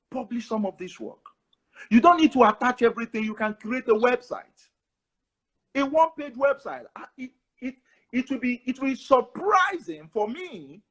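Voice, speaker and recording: Male professor, husky voice, lively swings, repeats himself. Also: high voice. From Nigeria. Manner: animated, repetitive, laughs often. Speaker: professor giving advice. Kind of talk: casual advice talk.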